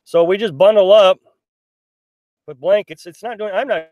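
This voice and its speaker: A man's voice: high voice, moderate pace, darkish tone, no room sound. Chatty middle-aged man, dry sound. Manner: chatty, rambling, many restarts and fillers. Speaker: live-stream host reading viewer comments. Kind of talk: casual live-stream chat. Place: in a small pop-up camper.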